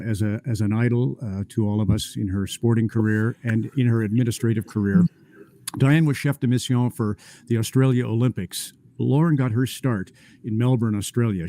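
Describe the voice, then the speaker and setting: Guy moderating a panel, kinda low warm voice, lots of uhs, laid back. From Canada. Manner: relaxed and anecdotal, many filler uhs. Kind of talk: casual storytelling.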